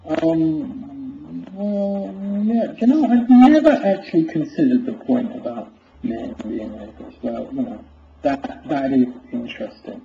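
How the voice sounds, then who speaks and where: Gravelly sarcastic man on voice chat. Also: fairly high pitch, expressive, slow, mellow. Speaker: voice chat participant. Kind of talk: casual mocking chat. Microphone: computer mic in voice chat. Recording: roomy, dull lo-fi voice chat with faint hiss.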